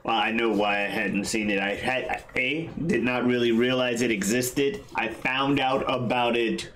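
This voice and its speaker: A man's voice: mid-range voice, fairly even intonation, unhurried, fairly bright tone, slight background noise. A man hosting a casual podcast, opening with playful, showy self-introductions. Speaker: podcast host.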